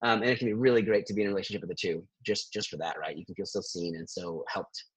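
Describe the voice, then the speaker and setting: A man working as a therapist, talking in a lively conversational interview and laughing often between thoughts. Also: low voice, fast talker, husky, poor audio.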